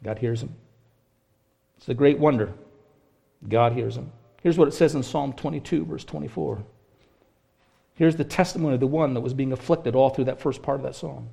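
A man preaching a sermon, rising to loud impassioned stretches and then dropping to a hushed, prayerful voice. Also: mid-range voice, a little fast, creaky, long pauses, husky.

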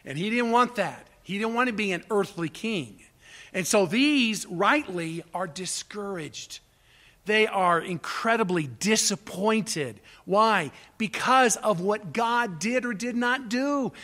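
A man preaching a sermon with passion, swinging from quiet, low asides to loud, pleading cries. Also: lively intonation, slow pace. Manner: impassioned, rising to near shouts on quoted cries. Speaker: pastor.

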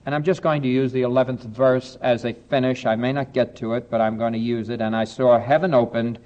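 A man preaching a sermon, earnest and steady, slowing down to read scripture aloud and adding light asides to his congregation. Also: medium pitch, dull audio. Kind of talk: sermon with Bible reading.

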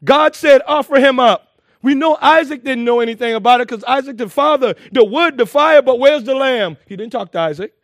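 A man preaching a sermon to a congregation, lively and emphatic, with frequent laughs and repeated phrases. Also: very high-pitched, brisk, few pauses, no room sound, studio quality.

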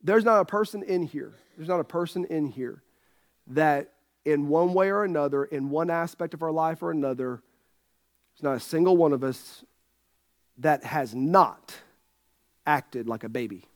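A man's voice: a little high, normal speed, long pauses. A middle-aged man preaching a sermon as pastor, folksy and joking with his congregation. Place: church sanctuary.

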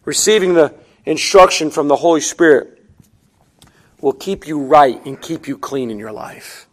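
High-voiced man preaching a sermon. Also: expressive, measured pace. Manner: conversational preaching with repeated phrases; swings between emphatic rises and low, quiet asides. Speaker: pastor.

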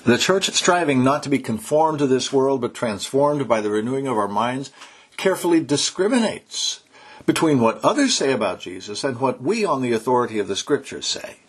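Male pastor, sermon delivery, emphatic and exhorting, animated pitch, slightly husky. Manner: emphatic, exhorting, slows to stress key words.

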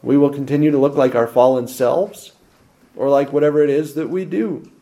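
A male pastor preaches with a mid-range voice, a steady tone, and normal speed. He asks rhetorical questions, shifting between loud emphasis and quiet asides.

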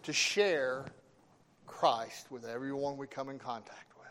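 A man preaching a sermon, slow and emphatic, with dramatic pauses between phrases. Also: medium pitch, fairly bright tone.

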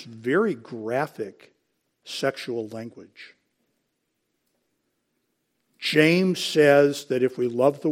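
A man gives a sermon, explaining scripture and citing verses, addressing the congregation as folks and now and then clearing his throat. His voice is medium-pitched with a darkish tone.

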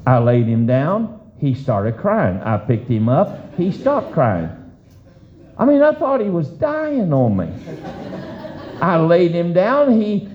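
A man preaching a sermon, telling a story with an animated delivery and a voice that swoops up high for emphasis. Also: slow, slight background noise. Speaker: pastor. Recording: dull lo-fi sermon recording.

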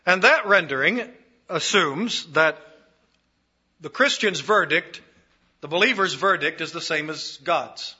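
A man's voice: on the high side, lively intonation, a little slow, sharp tone, slightly rough, muffled recording. A man preaching an expository sermon, repeating phrases for emphasis.

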